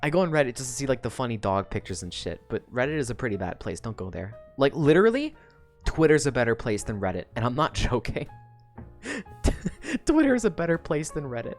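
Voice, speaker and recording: A woman's voice: rumbling low, very animated, brisk, soft background music. A woman streamer recapping a book in a casual, rambling way, with lots of swearing and laughter.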